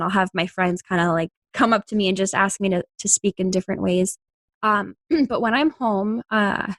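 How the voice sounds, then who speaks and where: A woman's voice: medium pitch, no room sound. A young woman from Long Island, a voice-over actress, chatting casually in an interview, giggling often and slipping into playful voices. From Long Island, New York.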